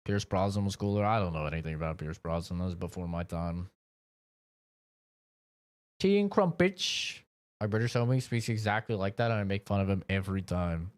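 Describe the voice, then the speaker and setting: A man's voice: low-pitched, fairly even intonation, quick pace, hardly any pauses, darkish tone, smooth. A young man streaming a game, rambling casually with lots of swearing and filler words. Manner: laid-back, profane, rambling with frequent "like" and laughs. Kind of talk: casual gaming commentary.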